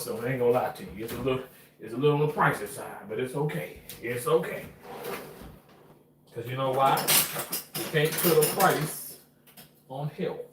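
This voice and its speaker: A man's voice: mid-range voice, far from the mic. A man, talking through his home cooking in a rambling, chatty way with casual swearing. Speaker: cooking vlogger. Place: home kitchen. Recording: echoey room, voice off-mic, faint noise.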